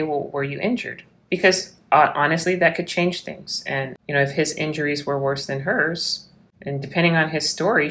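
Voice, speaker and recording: Woman, police officer, low voice, recounting an arrest, animated storytelling. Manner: animated storytelling, acts out quoted lines. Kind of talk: storytelling in an interview.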